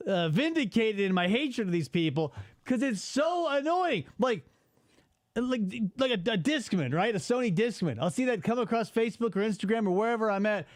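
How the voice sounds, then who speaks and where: A man in his forties hosting a casual podcast, ranting in an exasperated, animated way and swearing freely. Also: sits high, normal speed, dry recording, studio quality. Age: 40s. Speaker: podcast host.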